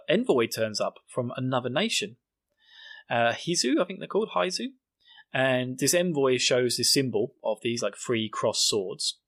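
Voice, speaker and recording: Joking British man, lively pitch. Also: no room sound. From Britain. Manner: joking, rambling, acts out characters' lines in silly voices. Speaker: podcast host. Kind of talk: solo recap podcast chat.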